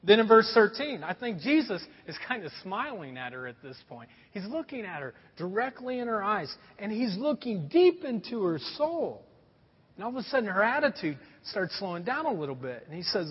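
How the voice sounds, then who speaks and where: A man's voice: high voice, sing-song, moderate pace, breathy edge, long reverb tail, lo-fi sound. A man preaching a sermon, telling stories in a conversational way and asking the audience questions. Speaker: pastor.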